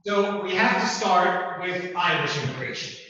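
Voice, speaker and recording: A man giving a classroom lecture with a measured, deliberate delivery and emphatic repeats. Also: high-pitched, bright, forceful tone. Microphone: distant room mic, also streamed to Zoom. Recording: distant, echoey, dull hall recording.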